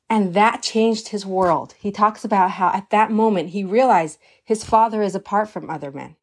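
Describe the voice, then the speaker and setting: A woman's voice: medium pitch, moderate pace, hardly any pauses. Earnest woman teaching Torah. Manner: earnest, emphatic, sprinkles Hebrew terms. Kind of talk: storytelling lesson.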